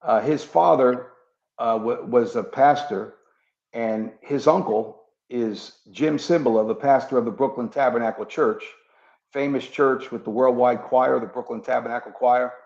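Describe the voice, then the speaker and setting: A man with a gravelly, creaky voice tells his conversion story earnestly and steadily, a former cop who now preaches. He slips into the voices of the people he quotes. The sound is dull and echoey, as if picked up in a reverberant room. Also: medium pitch, measured pace, a little mellow. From New York. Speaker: guest, former police officer turned preacher. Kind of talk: personal testimony in an interview.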